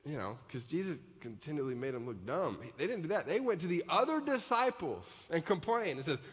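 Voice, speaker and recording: A man's voice: on the high side, sing-song, a little fast, a bit bright. A male pastor preaching a live sermon in a conversational style that builds to emphatic peaks. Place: large church auditorium. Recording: live hall reverb.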